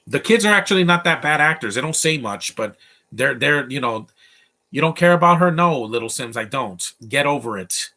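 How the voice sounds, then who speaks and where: A young man in his twenties talks over a movie as he watches it at home, with a bright, forward voice. He speaks bluntly and rambles, restarting his sentences often as his opinions tumble out. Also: mid-range voice, lively intonation, normal speed. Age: 20s. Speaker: movie commentator. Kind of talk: casual live movie commentary.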